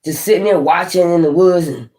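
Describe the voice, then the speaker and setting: A man giving a casual tarot reading, blunt and profane, with animated swings in delivery. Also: high voice, a little fast. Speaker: tarot reader.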